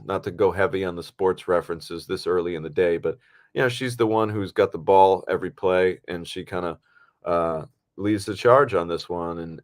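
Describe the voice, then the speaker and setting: A man with a fairly low voice talks through a movie in relaxed, rambling podcast chat. He circles his points with lots of fillers and restarts, easygoing and unhurried. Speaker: podcast co-host and actor. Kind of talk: casual film podcast chat.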